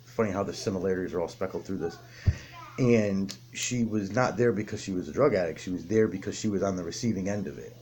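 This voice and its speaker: Deep-voiced man, blunt recovery story. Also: darkish tone. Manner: raw, blunt, heavy swearing, halting restarts. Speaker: person in recovery telling his story. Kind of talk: candid personal recovery story.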